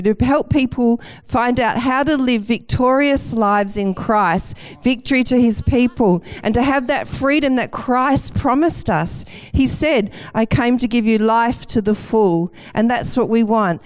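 A woman's voice: fairly high pitch, clean tone. A woman preaching a sermon with enthusiasm and a light self-deprecating humour.

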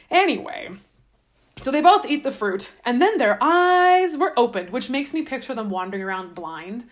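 Woman host, casual comic retelling, chatty and wry, slightly higher voice. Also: expressive, normal speed. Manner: chatty, irreverent, wry asides. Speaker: podcast host.

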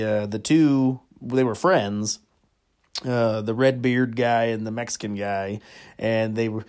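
A man with a middle-pitched voice telling comedic stories as a podcast host. He rambles, chuckles often and fills his sentences with lots of little pauses. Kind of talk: comedic storytelling monologue.

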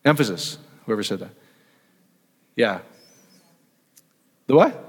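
A man's voice: lowish voice, big pitch swings, takes it slowly, breathy edge. A man giving a casual teaching sermon, talking conversationally and asking his audience questions. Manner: conversational, asks the audience questions, trails off and restarts. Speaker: preacher. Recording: long reverb of a hall.

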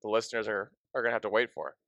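A man's voice: lowish voice, racing, creaky, pushed and bright, no echo. A young man co-hosting a casual sports podcast, joking and self-mocking, swearing freely, with sniffles and a sore throat. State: getting sick, sore throat. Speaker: podcast co-host.

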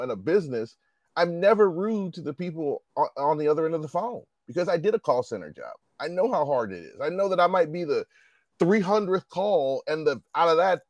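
A man's voice: fairly high pitch, a little mellow, dry recording. A man in his forties in casual chat, telling stories with lots of swearing and acting out quoted dialogue.

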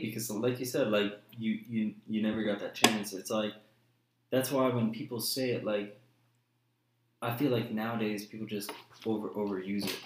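A young man telling a personal story in blunt, profane casual chat. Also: on the low side. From New Jersey. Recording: echoey room, faint noise.

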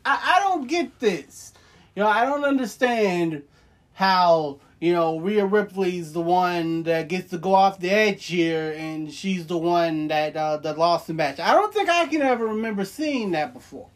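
A man's voice: high-pitched, expressive, unhurried. A man co-hosting a casual wrestling podcast, arguing his points insistently. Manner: argumentative, insistent. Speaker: podcast co-host.

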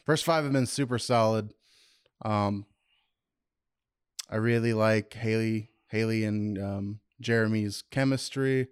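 A man's voice: fairly low pitch, takes it slowly, long pauses, clear, resonant tone, no room sound, studio quality. A man co-hosting a podcast in casual chat, laid-back and a bit hesitant, searching for his words as he talks. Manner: laid-back, hesitant, many fillers and restarts. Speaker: podcast co-host.

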